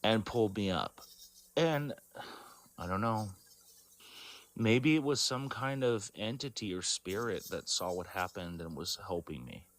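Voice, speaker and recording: Low-voiced man telling a rambling story. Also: animated, fairly bright tone. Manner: rambling, halting, full of fillers and self-corrections. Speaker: interviewee. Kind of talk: casual storytelling.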